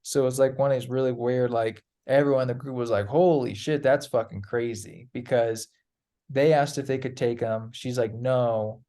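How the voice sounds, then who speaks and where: A man's voice: medium pitch, flat delivery, a little fast, dark tone. A man chatting as a guest, telling a loose, rambling story with plenty of fillers and casual swearing. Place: Peru.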